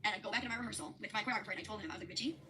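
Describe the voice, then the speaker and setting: A young woman telling an animated story as an interview guest, gushing and breathless, often acting out what people said. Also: medium pitch, very fast. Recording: distant clip audio with noise.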